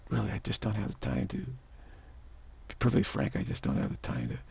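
Gravelly man rambling about spirit. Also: lowish voice, very animated, a little mellow. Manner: halting, repetitive, drops into whispers. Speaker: spiritual vlogger.

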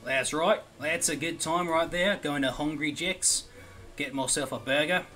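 A man's voice: fairly high pitch, normal speed, sharp tone, faint music behind, pitched above the performer's own voice. A man putting on an Australian accent, playing a cheery, drawling Australian bloke. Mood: jolly. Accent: put-on Australian.

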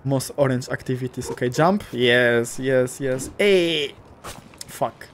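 A young man casually commentating a cute game, gushing, swearing lightly and talking to the characters, often jumping up into excited squeals. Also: mid-range voice, unhurried. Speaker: gaming YouTuber.

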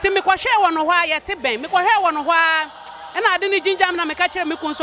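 A woman giving an emotional church testimony, animated and often exclaiming. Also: very high-pitched, brisk, faint music behind, a faint crowd.

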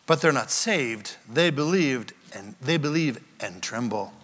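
A man preaching a sermon as pastor, retelling scripture scenes with lively acted-out voices. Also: medium pitch, a little slow, long reverb tail.

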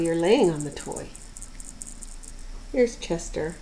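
A woman filming her kittens at home, talking to them softly in a casual, cooing voice. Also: fairly low pitch, measured pace, slight background noise, poor audio. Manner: soft-spoken, coos and baby-talks to the cats. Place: indoor room with kittens.

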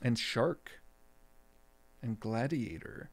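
A man streaming a game, rambling with lots of fillers and restarts, then bursting into shouts and laughs. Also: medium pitch, moderate pace. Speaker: gaming streamer. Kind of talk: live gameplay commentary.

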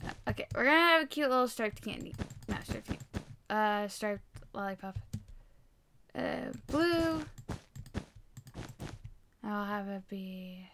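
A woman giving casual gameplay commentary while she builds, excitable and rambling, poking fun at herself. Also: medium pitch, takes it slowly, pauses often, background noise. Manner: excitable, rambling, self-mocking. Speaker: Minecraft video creator.

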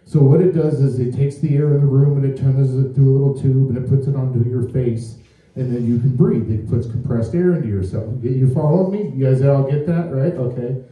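A man's voice: medium pitch, fairly even intonation, a little fast, mellow. A man doing a stand-up comedy set, telling a story with acted-out quotes and asking the crowd questions from a club stage. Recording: roomy and far from the mic.

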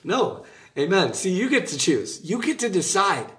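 A man giving a casual devotional talk from a room in his home, chatty and animated, with asides and laughter. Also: sits high, moderate pace, roomy sound. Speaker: preacher giving an online devotional. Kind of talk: casual preaching to camera.

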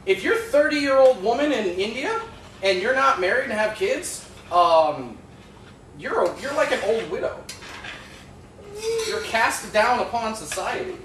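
A man's voice: extremely high pitch, very animated, normal speed, a bit bright. A man streaming from home, ribbing his partner in a mock-serious, joking way during casual chat. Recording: distant mic in an echoey room with faint hum.

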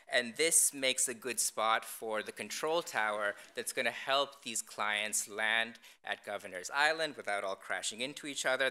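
A man presenting his design work in a public lecture, speaking in a deadpan, wry way with frequent ums and restarts. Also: mid-range voice, smooth.

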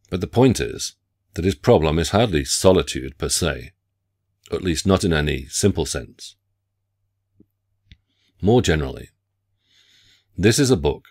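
Guy with a really low voice reading out a literature lecture, slow and formal. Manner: measured, formal academic reading. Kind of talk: scripted lecture narration.

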